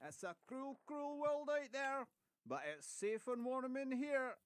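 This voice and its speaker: A video game hunter welcoming folks to his lodge, with a strange mixed accent and a high, bouncy voice that leaps up and down. He drawls his lines slowly over dry, close game audio. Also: lively intonation, clean tone, dry recording. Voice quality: odd hard-to-place accent. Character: gruff male hunter running a lodge.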